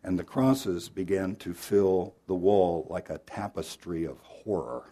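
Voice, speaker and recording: A male pastor preaching an Easter sermon, telling a story dramatically and moving between loud emphasis and hushed, earnest appeals. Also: low-pitched, unhurried.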